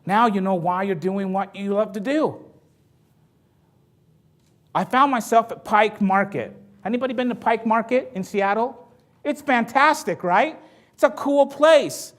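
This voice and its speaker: A man giving a motivational talk to an audience, telling stories in a lively, jokey way. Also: high-pitched, a little slow. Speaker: motivational speaker.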